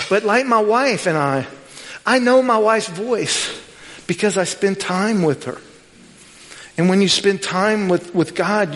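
High-voiced storytelling preacher in a reverberant hall. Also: male voice. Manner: storytelling with lively quoted dialogue. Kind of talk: sermon. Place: church sanctuary.

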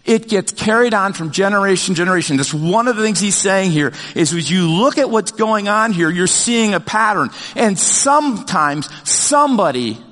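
An older man preaching a sermon as pastor, talking in a conversational, animated way with many fillers and restarts. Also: high voice, normal speed, hardly any pauses, in a large hall.

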